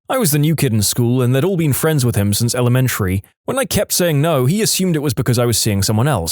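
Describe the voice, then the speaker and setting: Animated male storyteller, dry sound. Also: mid-range voice, dry recording. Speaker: story narrator. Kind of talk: reading online stories aloud.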